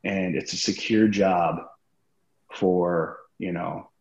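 A man's voice: low-pitched, steady tone, slow, darkish tone. A man as a podcast guest, telling a long story in a casual, profane and rambling way with many fillers. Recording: roomy, slightly dull sound.

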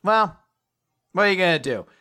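A teasing middle-aged dad, loud and excitable, his voice jumping up high, as a man puts him on. He needles his daughter in a sing-song way. The voice is lifted well above the performer's usual pitch. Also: moderate pace.

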